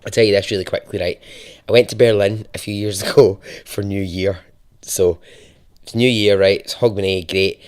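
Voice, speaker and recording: A young Scottish man hosting a podcast, telling a true story in a chatty, expressive way that turns hushed and dramatic. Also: fairly low pitch, moderate pace. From Scotland. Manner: lively, chatty and profane, dropping to a hushed, dramatic tone for dark moments. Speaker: podcast host. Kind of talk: conversational true-story narration.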